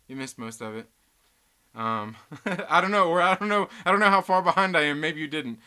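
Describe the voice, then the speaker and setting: A man's voice: fairly high pitch, expressive, a little fast, sharp tone, smooth. A man hosting a live stream, reading viewer chat aloud and ranting with lots of swearing and laughter. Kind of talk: casual live stream rant.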